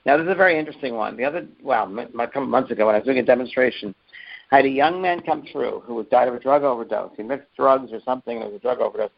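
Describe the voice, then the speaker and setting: Medium guy telling stories, earnest and emphatic, kinda gravelly, dull muffled sound. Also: medium pitch, very fast. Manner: earnest, emphatic, repeats words. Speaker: medium and teacher. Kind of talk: interview answer, storytelling. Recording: muffled lo-fi audio.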